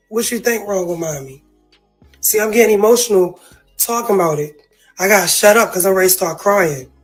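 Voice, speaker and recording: A woman's voice: on the high side, rough recording. A woman in an emotional, profane, casual rant about family, often saying "you feel me" and near tears. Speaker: sister speaking out.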